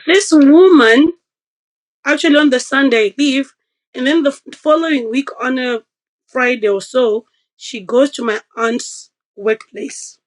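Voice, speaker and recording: Woman guest, slightly high voice, animated storyteller who acts out quotes. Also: moderate pace, poor audio. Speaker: podcast guest. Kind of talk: casual storytelling.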